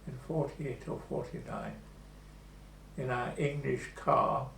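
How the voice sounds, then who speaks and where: A man in his eighties recalling the past in an oral history interview, telling his story slowly and with pauses. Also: medium pitch, animated, creaky, fairly bright tone. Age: 80s. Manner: slow, measured storytelling with pauses. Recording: echoey room with faint hum.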